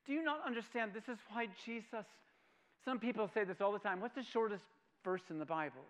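A man preaching a sermon who swings from loud proclamation to a hushed near-whisper, repeating phrases and asking his hearers questions. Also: high-pitched, fairly quick. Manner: repeats phrases for emphasis and asks the audience questions.

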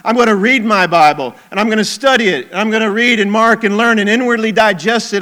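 Casting: male pastor with a high, bright voice, preaching in an easy, conversational way. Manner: conversational preaching, drops to quiet intensity. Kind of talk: sermon.

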